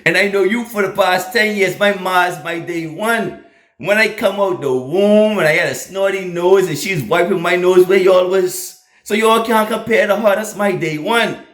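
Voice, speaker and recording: A man's voice: high-pitched, normal speed, fairly bright tone. A man, telling a personal story to his online audience, often laughing and repeating lines for emphasis. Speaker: host of a faith channel. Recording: echoey room.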